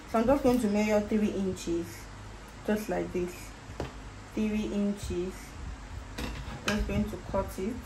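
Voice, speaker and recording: A Nigerian woman with a warm, mellow voice guides viewers through a sewing job at an easy pace, repeating each step as she demonstrates it. The sound is roomy and echoey, with a faint hum of background noise in her workspace. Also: mid-range voice. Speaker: sewing tutor. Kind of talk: casual step-by-step sewing tutorial.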